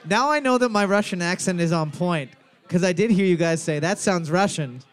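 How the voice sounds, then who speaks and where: A man hosting a casual comedy quiz, playful and quick to laugh, drawing out his questions. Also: sits high, lively intonation, smooth, some chatter behind. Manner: playful, drawls questions slowly, laughs often. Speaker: quiz host.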